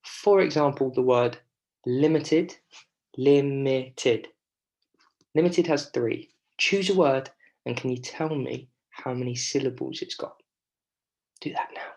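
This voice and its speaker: A male primary school teacher talks slowly and patiently through a recorded spelling lesson for children. He drags out syllables to show where the stress falls and keeps checking in with "okay?". His pitch sits in the middle range. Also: gravelly, a little mellow. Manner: slow, patient, stretching out syllables to demonstrate stress.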